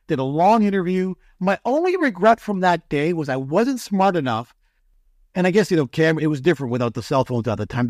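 Animated man telling broadcast stories. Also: on the high side, dry recording, studio quality. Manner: animated, excitable storyteller. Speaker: sports broadcaster guest. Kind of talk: storytelling in a podcast interview.

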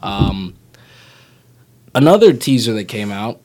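This podcast co-host takes it slowly, his fairly low, slightly mellow voice swinging widely in pitch. In a casual chat, he retells a movie's plot in a rambling, playful way, complete with put-on voices.

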